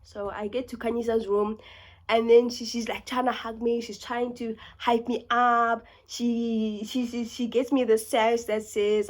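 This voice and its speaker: Fast-talking young South African woman. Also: a little high. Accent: South African English. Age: young adult. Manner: fast, animated, dips into whispers and laughs. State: sick. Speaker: YouTuber. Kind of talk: casual storytelling vlog.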